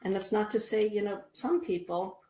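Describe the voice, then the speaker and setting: A woman's voice: mid-range voice, normal speed, a little mellow, a little hiss or hum. Soothing woman with echoey room sound. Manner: soothing, repeats phrases, reads viewer comments aloud. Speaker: spiritual live-stream host. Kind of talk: live-stream chat with card readings.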